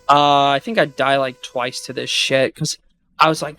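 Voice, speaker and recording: A man casually recapping a game he played, rambling and swearing, acting out his own thoughts with loud outbursts, with loud music behind. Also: on the high side, moderate pace, slight background noise, poor audio. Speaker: gaming video host.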